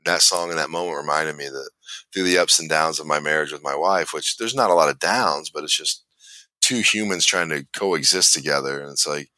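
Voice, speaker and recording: A man's voice: extremely low pitch, brisk, bright, forceful tone, no room sound. A man hosting a podcast, telling a long personal story in a rambling way with many restarts. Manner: rambling, restarts often, laughs while telling. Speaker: podcast host. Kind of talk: casual storytelling chat.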